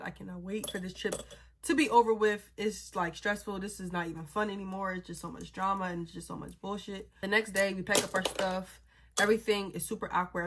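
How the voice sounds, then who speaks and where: A woman's voice: lowish voice, fairly bright tone. A young adult woman telling a story in a casual, blunt and profane way, sounding exasperated as she recounts it.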